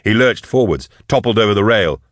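A man narrating an audiobook in a measured, dramatic way. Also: fairly low pitch, lively intonation, fairly bright tone, no echo, clean studio sound.

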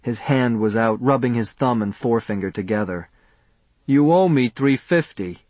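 A man reading a first-person audiobook in a measured, subdued way. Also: fairly low pitch, no echo. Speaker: audiobook narrator.

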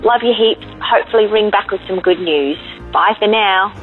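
A woman's voice: mid-range voice, moderate pace. An Australian woman calling in, chatty and rambling as she asks for prayer. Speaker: caller. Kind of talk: phoned-in prayer request. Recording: tinny phone line, faint music.

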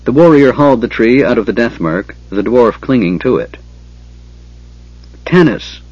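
A man narrating a fantasy novel in a measured storytelling manner. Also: mid-range voice, lively intonation, a little mellow, no echo, lo-fi sound. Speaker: audiobook narrator.

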